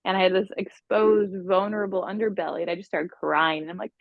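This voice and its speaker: A woman relationship coach, a guest on a podcast, telling stories in a lively, conversational way. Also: mid-range voice, fast, vocal fry, few pauses, dry recording, highs cut off. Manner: expressive, conversational storyteller.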